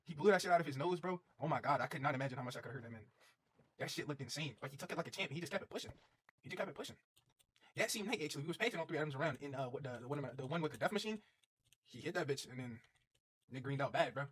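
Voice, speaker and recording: A man's voice: on the high side, lively intonation, rapid-fire, a bit bright, slight background noise. A young man streaming, telling a rambling, profane story in a casual way and repeating himself as he goes.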